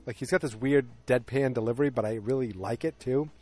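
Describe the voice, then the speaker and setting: A man's voice: mid-range voice, brisk, hardly any pauses, darkish tone. A man in his forties casually recapping a TV episode, with lots of fillers and opinionated asides.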